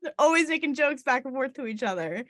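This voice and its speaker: A woman client in a reading, talking softly and emotionally and laughing often. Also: high voice, animated, quick pace, dry recording, studio quality.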